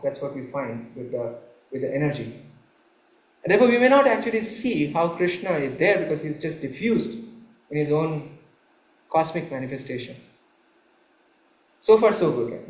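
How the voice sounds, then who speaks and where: A man teaching a course on scripture, explaining verses slowly, checking that his listeners follow, and laughing lightly now and then. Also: a little high, roomy sound, low-quality recording. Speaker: spiritual teacher. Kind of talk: lecture on scripture.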